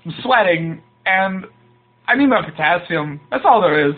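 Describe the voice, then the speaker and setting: Rambling high-voiced man on a tinny line. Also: expressive, normal speed. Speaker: comedy podcast guest doing bits. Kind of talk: rambling comic storytelling. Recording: tinny phone-like sound.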